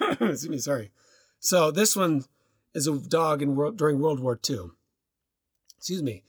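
Rambling storyteller man, slightly high voice. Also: a little slow, husky, no echo, clean studio sound. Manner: rambling storyteller, loose and relaxed with many restarts. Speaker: podcast co-host. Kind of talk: casual conversation.

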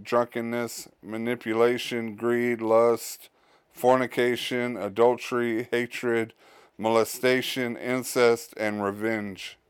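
A man who is a father hosts his own podcast, talking on his own in a casual, halting way, with many fillers and restarts. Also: mid-range voice, clean tone, no echo, clean studio sound. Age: adult, a father. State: tired, yawning. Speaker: podcast host. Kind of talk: casual solo podcast monologue.

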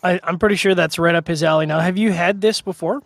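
A man's voice: high-pitched, steady tone, quick pace. Playful, chatty man on a call. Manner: chatty, playful, laughs easily. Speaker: co-host of a drinks tasting show. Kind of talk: casual chat.

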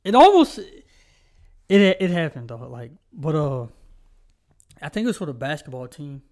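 A man's voice: on the high side, sing-song, moderate pace, a little mellow. A young man co-hosting a podcast, telling stories in a rambling casual way, full of fillers. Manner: rambling storytelling with many fillers. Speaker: podcast co-host. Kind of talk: casual chat.

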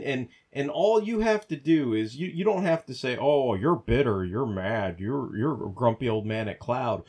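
A man on a podcast ranting in a heated, profane flow, stumbling over restarts as he builds up steam. His voice sits at an ordinary middle pitch and he swears almost every line. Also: a little mellow, slightly rough. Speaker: podcast co-host. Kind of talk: profane casual rant.

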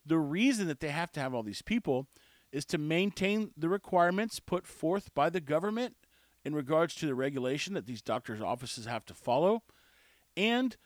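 A man's voice: a little high, no room sound, clean studio sound. A man delivering an opinionated monologue, ranting and often cutting himself off. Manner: animated, ranting, self-interrupting. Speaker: podcast host.

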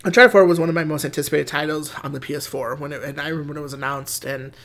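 A man's voice: fairly high pitch, fairly even intonation, racing, fairly bright tone. A man co-hosting a casual podcast chat, talking enthusiastically with many restarts. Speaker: podcast co-host. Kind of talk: casual chat about video games.

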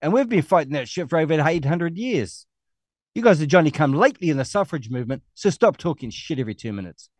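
In a clean studio recording with no echo, a middle-aged New Zealand man hosts an online show with a fairly high, sing-song, slightly rough voice at a quick pace. He launches into an angry, sneering rant full of profanity.

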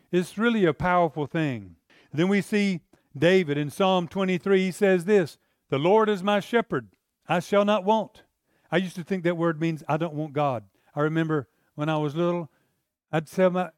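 A man's voice: sits high, smooth, no echo, clean studio sound. A middle-aged man preaching a sermon in an earnest, conversational way, often repeating words as he goes.

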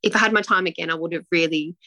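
A woman's voice: on the low side, rapid-fire, sharp tone, no room sound. A woman, a guest telling a personal story in a rambling, emotional way with many restarts. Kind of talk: casual interview talk.

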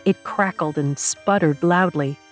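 A woman narrating an audiobook with steady storytelling. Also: on the low side, measured pace, faint music behind.

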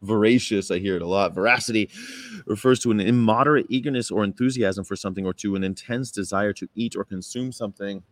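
A man's voice: fast talker, dry recording. A man casually chatting on a livestream, rambling, laughing often and reading things aloud. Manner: mock-sweet high voice for quoted politeness. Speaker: vegan activist livestreamer. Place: Chicago.

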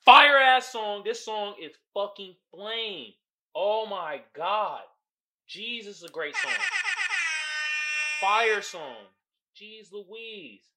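Cussing podcast guy reviewing an album, super lively pitch, bright punchy voice. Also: drawn-out words. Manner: profane, animated, laughing often. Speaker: podcast host. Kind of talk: casual album review monologue.

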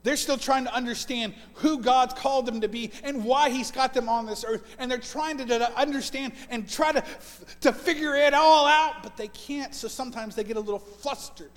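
A man's voice: extremely high pitch, moderate pace, few pauses. A man in his forties preaching a sermon as pastor, earnest and often repeating words as he builds a point. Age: 40s. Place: church sanctuary. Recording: long church reverb.

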